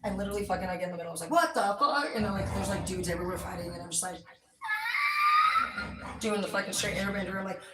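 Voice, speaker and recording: A tarot streamer rants through a loose, wandering monologue, swearing constantly in nearly every sentence. Her lowish voice barely changes pitch, racing along with frequent pauses as she shouts over heavy background noise. She sits some distance from the mic in a roomy, echoing space.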